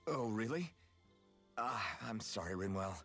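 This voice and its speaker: An easygoing game adventurer. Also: male voice, lowish voice, expressive, a little slow, a bit bright. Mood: sheepish. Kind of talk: video game voice acting. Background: game music.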